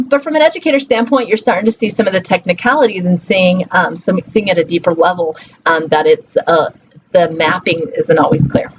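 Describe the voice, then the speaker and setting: A woman's voice: medium pitch, highs cut off, slight background noise. A woman teaching a recorded linguistics lecture in a chatty, encouraging way, often checking in with "okay?" and "right?". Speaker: linguistics instructor.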